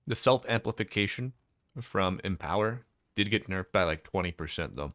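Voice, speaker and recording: Male stream caster, deep, laid-back and chatty, dry close mic. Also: expressive, moderate pace, fairly bright tone, no room sound. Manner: chatty, laid-back, reads out chat names. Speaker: esports caster. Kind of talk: casual live-stream commentary.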